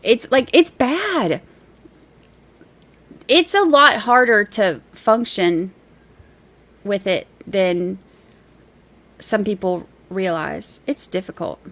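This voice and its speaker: A woman's voice: medium pitch, lively intonation, slow, long pauses, a bit bright. A woman hosting a casual livestream, reading viewer messages aloud and chatting in a rambling, easygoing way with easy laughs.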